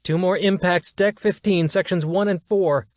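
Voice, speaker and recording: A man voicing an impatient male executive officer in an audiobook, shouting insistent damage reports. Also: sits high, steady tone, moderate pace, no echo, pitched above the performer's own voice, natural voice. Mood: frantic. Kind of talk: audiobook character voice.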